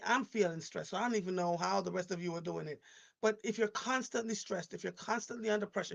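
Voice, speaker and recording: A woman in her fifties talks casually to her live-stream audience, her voice rough and gravelly with heavy fry. She rambles from story to story, doubling back and restarting her sentences as she goes. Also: mid-range voice. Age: 50s. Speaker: live show host.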